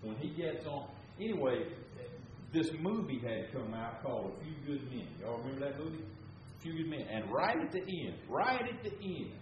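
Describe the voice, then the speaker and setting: A man's voice: a little high, sing-song, normal speed, distant mic, background noise. An older man, preaching and telling a story in a folksy, rambling way that builds to fervor. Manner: folksy, rambling, grows loud and fervent. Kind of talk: sermon storytelling. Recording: roomy, dull sound.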